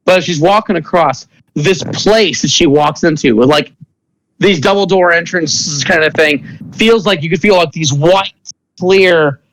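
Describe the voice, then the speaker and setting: A man narrating as game master of a tabletop game, talking in a halting way with many restarts. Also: on the high side, a bit bright, slight background noise, rough recording.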